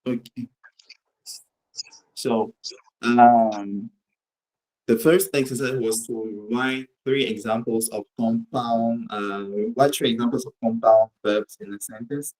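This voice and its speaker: A man speaks as a student presenting his homework to the class. He explains it methodically, one step at a time, with a mid-range pitch. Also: fairly even intonation, takes it slowly, pauses often, a little mellow, poor audio.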